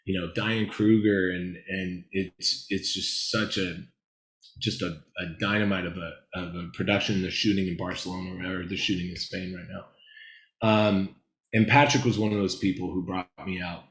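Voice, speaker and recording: A low-pitched man from Los Angeles tells rambling, animated stories as an interview guest. His voice carries a noticeable room echo. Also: normal speed. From Los Angeles, USA. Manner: animated, rambling, laughs while telling stories. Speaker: guest screenwriter. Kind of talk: candid interview storytelling.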